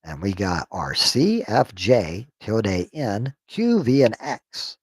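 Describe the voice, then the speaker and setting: A man reading a text aloud on a stream, sounding out unfamiliar words haltingly and joking to himself. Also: lowish voice, big pitch swings, slightly rough, no echo. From United States. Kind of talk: casual reading aloud on a livestream.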